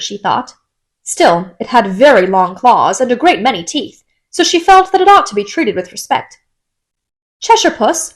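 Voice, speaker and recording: A woman narrating a classic children's novel as a storybook reading, in a gentle, expressive storytelling manner. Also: mid-range voice. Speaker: audiobook narrator.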